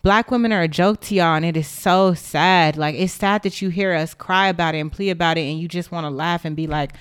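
A young woman speaks straight to her audience in an impassioned, indignant monologue, blunt and emphatic. Her voice sits low and sounds smooth and resonant. The sound is close and dry, with no room around it. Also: brisk, few pauses, no echo. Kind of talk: impassioned direct-to-camera monologue.

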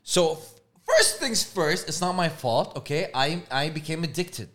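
A young man co-hosting a casual podcast, with a slightly raised pitch and a very lively, bouncing delivery. He tells stories freely, swears often, and breaks into loud, high outbursts. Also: measured pace. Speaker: podcast co-host. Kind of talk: casual chat.

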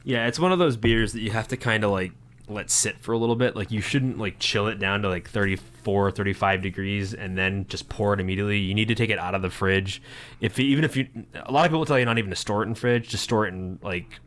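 Low-voiced man chatting casually. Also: fast talker, a bit bright. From Florida. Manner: rambling, enthusiastic, many fillers. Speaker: podcast co-host. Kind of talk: casual chat.

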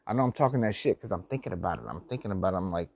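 An older man gives heartfelt, preachy life advice to his listeners in an emotional motivational monologue, swearing, using slang, and repeating phrases. His low, slightly rough voice is animated and rapid-fire, with no echo.

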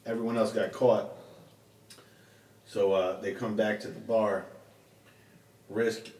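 A man with a lowish voice rambles through a movie recap in laid-back, slangy chat. He sits back from the microphone in a roomy space. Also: level tone, slow pace, a little mellow. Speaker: podcast co-host. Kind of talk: casual chat recapping a film. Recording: roomy and distant from the mic.

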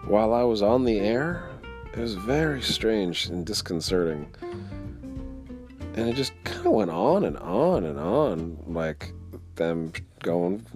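A young man hosting a casual morning podcast, rambling and wry, swearing freely. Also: fairly low pitch. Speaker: podcast host.

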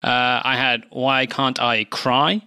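A man's voice: mid-range voice, level tone, slow, bright, forceful tone, clear, resonant tone. A young man co-hosting a podcast in casual chat, easygoing, full of fillers and dry jokes. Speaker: podcast co-host.

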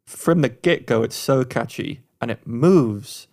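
A man's voice: medium pitch, a little slow, darkish tone. A man co-hosting a music podcast, talking enthusiastically in casual, rambling chat with frequent restarts. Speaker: podcast co-host reviewing songs.

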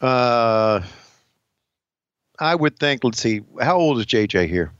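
A man co-hosting a podcast in casual chat, joking and profane, reacting loudly. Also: mid-range voice, lively intonation, takes it slowly, no echo, dull audio. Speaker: podcast co-host.

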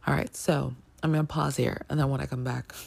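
A woman with a brisk, gravelly, husky voice reviews a book in casual chat. She gushes, using lots of fillers, and her pitch jumps suddenly when she gets excited.

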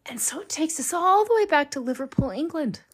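Giggly high-voiced woman cohost, bouncy lively banter. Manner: giggly, quick to laugh. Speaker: podcast co-host. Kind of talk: casual podcast banter.

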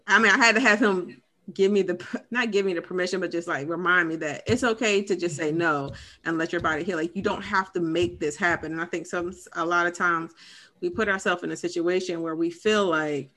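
Bright-voiced woman telling a candid story. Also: lowish voice, a little fast. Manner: candid storytelling with many fillers. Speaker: podcast co-host. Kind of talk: casual chat, personal story.

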